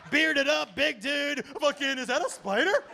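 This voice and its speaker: A man telling a story on stage as a stand-up comedian and joking with the crowd, jumping between shouts and mutters. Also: extremely high pitch, vocal fry, very noisy. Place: large hall with a live audience.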